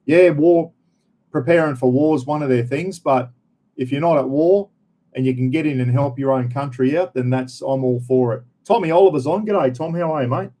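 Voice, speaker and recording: Australian man, livestream host, blunt and foul-mouthed, mellow darker voice, mid-pitched. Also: a little fast. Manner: blunt, swears often, talks straight to viewers. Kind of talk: casual live-stream rant.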